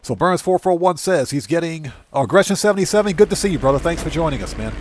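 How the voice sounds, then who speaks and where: A man live-streaming a video game, chatting casually and excitably with his viewers from a home streaming setup. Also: on the high side, quick pace, a little hiss or hum. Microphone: streaming setup microphone.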